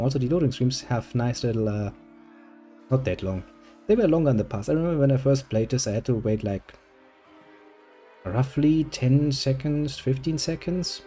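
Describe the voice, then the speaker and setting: A man's voice: mid-range voice, warm tone. A man hosting a gaming video, chatting casually and joking as he plays, swearing freely. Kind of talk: casual gameplay commentary.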